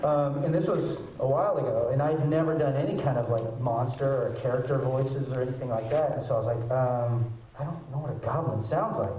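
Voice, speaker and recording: A man in his forties, a voice actor answering audience questions at a convention panel, telling animated stories and acting out quotes. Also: mid-range voice, brisk, hardly any pauses, slight background noise. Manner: animated storyteller, acts out quotes and goblin noises. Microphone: handheld mic, recorded from the audience. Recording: echoey hall from far off.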